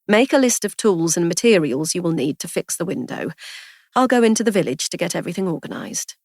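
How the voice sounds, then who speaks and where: A woman reading a story, voicing a firm, kindly older woman who gives brisk, decisive instructions. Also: on the low side, sing-song, darkish tone, no room sound, clean studio sound. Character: firm older woman, owner of the house, kindly but commanding.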